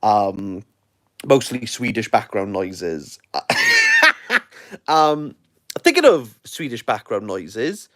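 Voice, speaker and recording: A man's voice: on the low side, sing-song, slow pace, long pauses, dry recording, clean studio sound. A Welsh man reviewing books in a rambling, jokey, playfully sarcastic livestream chat into his phone. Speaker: book reviewer.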